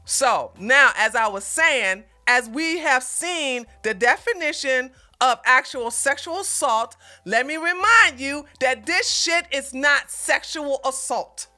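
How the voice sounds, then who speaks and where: A woman's voice: sits high, lively intonation, takes it slowly, few pauses, faint music behind. A woman hosting a livestream, giving heated, profane commentary on a clip and mocking what she hears. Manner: blunt, cursing, mocking, laughs loudly; rants and repeats points to chat. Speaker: livestream host reacting to a clip.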